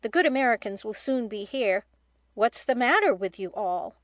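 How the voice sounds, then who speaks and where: Woman reading as a brisk middle-aged father, hearty, cheerful, dry close recording, audiobook. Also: on the high side, expressive, no room sound, close to an everyday voice.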